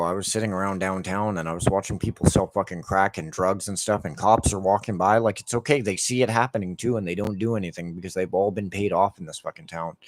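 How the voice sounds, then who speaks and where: Guy, low voice, dead-dry sound, profane ranting gameplay commentary. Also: no echo. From Canada. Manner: profane, heated ranting with lots of "like". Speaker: gameplay streamer.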